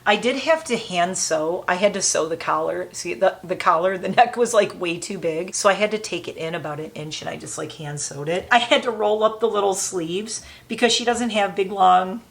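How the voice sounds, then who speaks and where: A woman vlogging casually as she packs her puppy's travel bag, talking in a chatty and openly emotional way with warm, sentimental asides. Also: medium pitch, normal speed, vocal fry, hardly any pauses. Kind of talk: casual chat.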